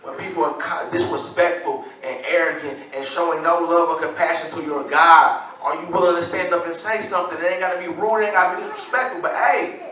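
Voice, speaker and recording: Pastor, male, high bright voice, loose slangy sermon, echoey hall. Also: steady tone, brisk, hardly any pauses. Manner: casual slang-filled preaching. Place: church. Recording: echoey church from a distance.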